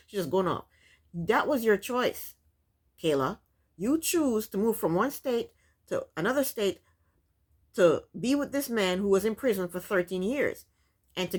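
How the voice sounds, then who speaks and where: Brief: blunt, sassy woman recapping a TV episode in casual commentary, with a very lively, swooping voice. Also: medium pitch. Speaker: reality TV recap YouTuber.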